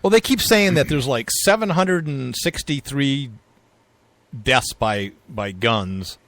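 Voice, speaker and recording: A man's voice: mid-range voice, lively intonation, takes it slowly, a bit bright. A man co-hosting a casual political chat show, rambling with fillers and frequent asides. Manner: rambling, chuckling, filler-heavy. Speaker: podcast co-host.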